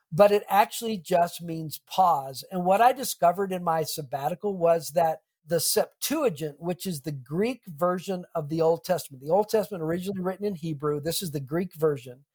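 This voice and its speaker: A man's voice: on the high side, a little mellow. A middle-aged man, a pastor and author, talking earnestly and reflectively in an interview, with a touch of humor. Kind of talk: conversational interview.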